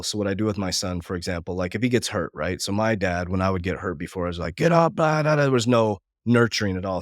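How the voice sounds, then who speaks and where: A man in his forties who talks at a brisk clip in a lowish voice. He speaks with heartfelt emotion about faith and family. The sound is dry and close. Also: dry recording. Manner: fast, heartfelt, religious. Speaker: business coach, guest. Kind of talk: emotional podcast conversation.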